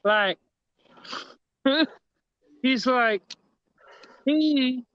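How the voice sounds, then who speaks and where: A man's voice: very high-pitched, expressive, extremely slow, long pauses, a bit bright, no echo, highs cut off. A man from Texas, chatting casually on a livestream and telling stories full of swearing and laughter. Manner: profane, laughing storyteller. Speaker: livestream co-host. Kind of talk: casual chat.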